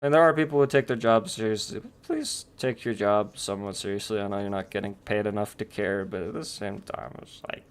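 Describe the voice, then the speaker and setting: A man's voice: on the low side, steady tone, a little fast, hardly any pauses, smooth. A man chatting casually and rambling with jokes while drawing on a stream, thinking aloud.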